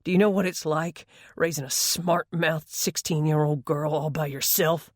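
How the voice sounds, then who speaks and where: A woman voicing a gruff, rumbling working father who grumbles and hesitates. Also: fairly even intonation, moderate pace, darkish tone, no room sound, clean studio sound. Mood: weary. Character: gruff, weary working father, rough-edged.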